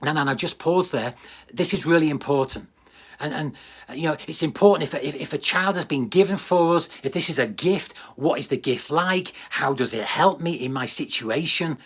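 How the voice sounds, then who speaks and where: Husky-voiced man preaching earnestly. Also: fairly high pitch, normal speed, fairly bright tone. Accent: British. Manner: earnest, emphatic preaching with repeated phrases. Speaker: pastor. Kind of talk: livestreamed sermon.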